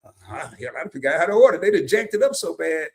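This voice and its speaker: Man, high voice, lively swings in pitch, casual streamer storytelling. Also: fast talker, creaky. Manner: animated, loose storytelling that greets chatters by name. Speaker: live streamer. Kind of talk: casual storytelling to live chat.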